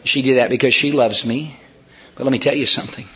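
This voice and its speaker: A man preaching a sermon, swinging from hushed quiet words to emphatic shouts, recorded in a church. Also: mid-range voice, fairly even intonation, quick pace, highs cut off. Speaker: pastor. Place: church sanctuary.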